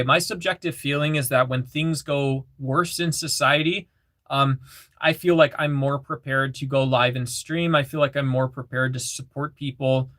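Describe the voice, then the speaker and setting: A man's voice: a little high, a bit bright, no echo. A man casually chatting on a livestream, reading chat messages aloud and repeating phrases, with lots of fillers.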